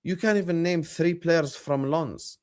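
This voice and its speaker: A man's voice: a little high, a little slow, clear, resonant tone. A man hosting a livestream about football, arguing his points emphatically with rhetorical questions. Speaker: streamer and football pundit.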